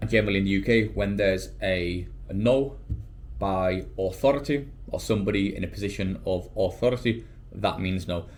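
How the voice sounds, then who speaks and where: A British man, an English teacher, talking casually to camera in an animated way and slipping into quoted voices. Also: low-pitched, normal speed. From United Kingdom.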